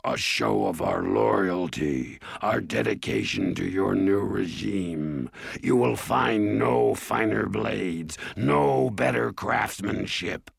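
A man voicing a nervous, fawning male dwarf lord, who flatters slowly in an audiobook. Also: lowish voice, creaky, husky, no echo, full character voice. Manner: slow, obsequious and flattering. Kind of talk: audiobook character voice.

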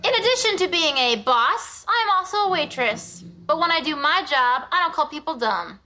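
An actress playing a sardonic young waitress in a sitcom, delivering deadpan, sarcastic put-downs. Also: female voice, high voice, moderate pace. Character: sardonic young female waitress and business partner. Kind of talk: sitcom acting.

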